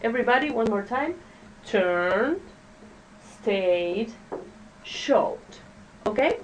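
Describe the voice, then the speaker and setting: A woman teaching an English pronunciation lesson to a classroom, speaking haltingly, drilling words and checking in with "okay?" as the class repeats after her. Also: a little high. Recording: distant mic with faint background noise.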